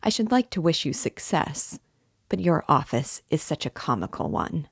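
A woman reading the part of a sardonic young man under suspicion, measured and sarcastic. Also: sits low, big pitch swings, vocal fry, breathy edge, dry recording, clean studio sound, full character voice.

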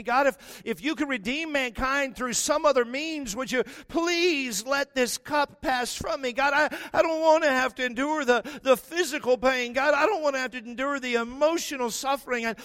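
An anguished Jesus, pleading aloud to his father in a high, strained cry, as a man preaching acts him out. The voice rings with a long reverb through a large hall. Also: moderate pace. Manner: pleading, raising his voice to near shouting. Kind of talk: dramatized sermon prayer.

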